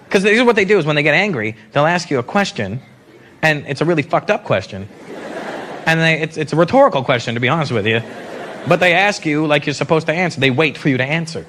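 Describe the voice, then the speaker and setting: Animated profane stand-up comedian, crowd noise. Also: male voice, fairly high pitch, fast talker. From Canada. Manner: animated, profane, acts out characters. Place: comedy stage. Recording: live stage mic with crowd noise. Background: audience laughter.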